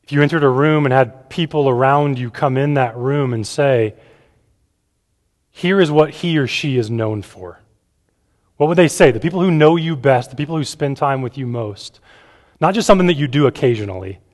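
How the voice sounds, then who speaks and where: A man's voice: medium pitch, a little fast, darkish tone. A man giving a conversational sermon as a pastor, often checking in with "right?" and repeating words as he talks to a gathered room. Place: church room with a gathered audience. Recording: long hall reverb.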